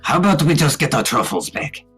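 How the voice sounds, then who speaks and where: A man's voice: a little high, sing-song, brisk, fairly bright tone, slightly rough, soft background music. A man playing a tabletop game, bemused and hesitant. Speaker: tabletop player. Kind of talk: casual game chat.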